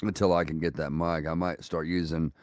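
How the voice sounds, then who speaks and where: A laid-back man talks about his gear, a touch hesitant. His voice is deep and smooth, recorded dry and close. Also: level tone, brisk, no echo. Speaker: guest. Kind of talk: casual chat.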